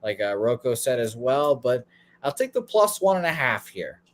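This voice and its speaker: A man's voice: mid-range voice, sing-song, moderate pace. Rambling male betting show host. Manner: rambling, swears freely, self-deprecating. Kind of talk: casual sports betting talk.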